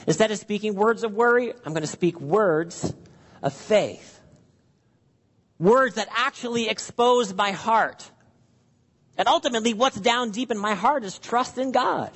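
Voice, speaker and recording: High-voiced man preaching in a hall. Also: unhurried, fairly bright tone. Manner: earnest preaching, acting out prayers and worried questions. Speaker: pastor. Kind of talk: sermon.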